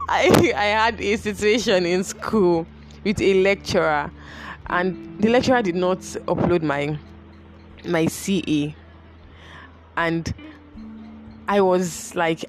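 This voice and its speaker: A woman's voice: on the low side, takes it slowly, long pauses, over music. A young woman tells a personal story, emotional, repeating her phrases and laughing between sentences.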